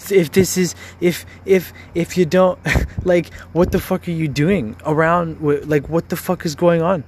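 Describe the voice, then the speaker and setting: A man's voice: a little high, steady tone, unhurried, a little mellow, a little hiss or hum. A man venting in an angry rant, frustrated and profane, stumbling over repeated words.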